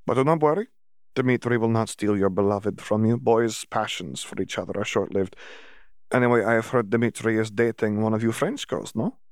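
A man's voice: lowish voice, fairly quick, dry recording, clean studio sound, lightly acted. A man voicing a stern foreign schoolgirl who speaks in stiff, formal phrasing. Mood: matter-of-fact.

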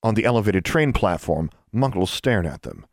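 Audiobook narrator, man, very low voice, dry booth sound, measured delivery. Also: no room sound. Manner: steady, measured storytelling. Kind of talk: scripted narration.

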